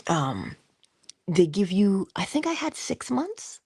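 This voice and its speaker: A woman hosting a casual motivational livestream, playful and chatty, slipping into whispery asides and animated quoted voices. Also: slow, dry recording, studio quality. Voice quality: low gravelly husky voice. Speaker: livestream host.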